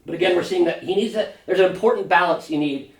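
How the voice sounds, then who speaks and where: A pastor leading a Sunday school Bible study, talking conversationally and often checking in with a quick "right?". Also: male voice, high-pitched. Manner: conversational, fond of tag question "right?"; animated when paraphrasing scripture figures. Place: church classroom. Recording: roomy church room, mic at a distance.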